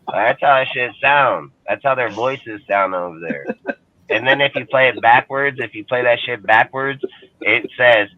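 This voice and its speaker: A man's voice: medium pitch, moderate pace. A man hosting a sports fan show, ranting angrily with crude, scornful talk. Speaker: sports podcast host. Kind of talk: profane fan rant. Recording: tinny phone-like sound.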